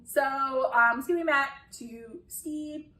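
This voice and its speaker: A woman's voice: sits high, a little slow, pushed and bright, roomy sound, distant mic, rough recording. A woman chatting casually through a critique of a show, exasperated at times and swearing freely. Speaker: video essayist.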